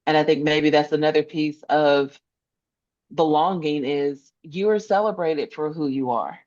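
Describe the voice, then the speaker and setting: A woman with a deep, darkish voice speaks a little slowly on dull-sounding audio. She's a social worker appearing as a guest in a conversational podcast interview, talking earnestly and emphatically and repeating phrases to stress her point.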